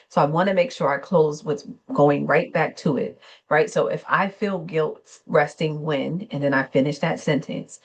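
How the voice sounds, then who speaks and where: A woman therapist hosting a gentle wellness talk, speaking slowly and soothingly, unscripted, with small self-corrections along the way. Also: low-pitched, creaky. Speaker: therapist and channel host.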